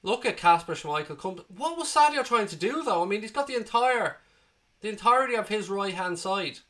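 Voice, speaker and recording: A man hosting a live football watchalong, calling the play and chatting with viewers, excitable and prone to swearing as he cheers. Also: sits high, brisk. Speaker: watchalong host. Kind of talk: live match commentary and chat. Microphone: desk microphone.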